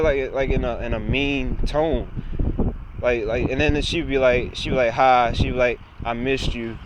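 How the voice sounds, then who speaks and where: A young man rants to the camera in a rambling, repetitive way, swearing freely. His voice sits a little high for a man. He records outdoors by a busy road, with clear traffic and wind noise behind him. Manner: rambling, repetitive, frequent profanity. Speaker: vlogger. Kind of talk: casual rant to camera. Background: traffic and trucks.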